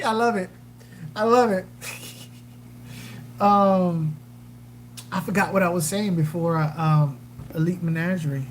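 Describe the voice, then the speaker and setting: A woman's voice: fairly low pitch, unhurried, long pauses, a little hiss or hum, rough recording. A woman hosting a casual livestream chat, rambling, joking and answering viewer comments with lots of fillers. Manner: animated, jokey, trails off with fillers. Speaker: aquarium channel livestream host.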